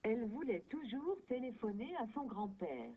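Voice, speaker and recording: A polite woman picking up the telephone, voiced by an actress in a scripted educational dialogue. Her voice sits high and she runs her words together quickly. The sound is narrow and tinny, like a phone line. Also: very animated. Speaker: narrator and phone answerer in a textbook video.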